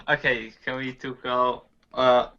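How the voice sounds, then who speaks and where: A man's voice: mid-range voice, vocal fry, pushed and bright, lo-fi sound, slight background noise. A man chatting on a podcast in a loose, meandering way, trailing off mid-thought. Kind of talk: casual chat.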